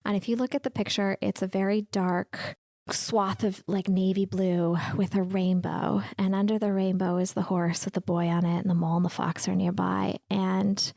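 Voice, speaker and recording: A woman's voice: mid-range voice, flat delivery, normal speed, gravelly, warm tone, dry recording. A woman in her thirties hosting a podcast, sharing a personal reflection in a candid, heartfelt way. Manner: emotional, tearful at times, candid. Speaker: podcast host.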